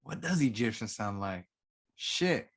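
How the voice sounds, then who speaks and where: A man's voice: lowish voice, animated, a little slow, fairly bright tone. A man guesting on a podcast, chatting casually and giving short, laid-back replies. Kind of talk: casual chat.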